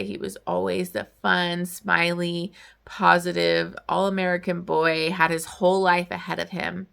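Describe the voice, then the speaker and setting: A young woman reviews a book in loose, casual chat, peppering her talk with "like" and "um". Her voice sits fairly low yet sounds bright and forward, with a gravelly fry running through it. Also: level tone, measured pace. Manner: chatty, full of "like" and "um" fillers. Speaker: book vlogger.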